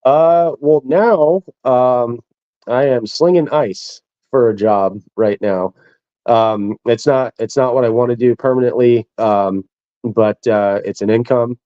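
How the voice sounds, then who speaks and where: In this dull, dry lo-fi clip with no room sound, a former serviceman talks at a slow pace in a mid-range voice. He shares anecdotes in a casual interview, staying easygoing and chuckling throughout.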